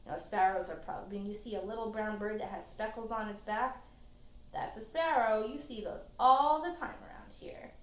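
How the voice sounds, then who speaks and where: A woman librarian reading a storybook aloud to children, with expressive delivery and chatty asides to her young listeners. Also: mid-range voice, moderate pace, reverberant, poor audio.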